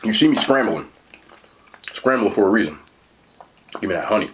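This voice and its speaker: A man talking casually while eating and reviewing fast food, chatty and animated, pausing to chew. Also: fairly low pitch, slight background noise.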